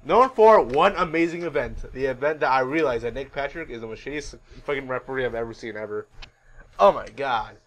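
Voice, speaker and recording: A man co-hosting a podcast, excitedly recapping a wrestling event in casual chat, swearing and laughing as he rants. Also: mid-range voice, fast talker, hardly any pauses. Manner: excitable, swearing, laughs at his own rant. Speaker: podcast co-host.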